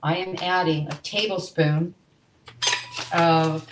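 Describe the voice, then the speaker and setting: A woman's voice: on the low side, unhurried, echoey room, background noise. A woman teaching a live online cooking class from her home kitchen, chatting and making asides as she cooks.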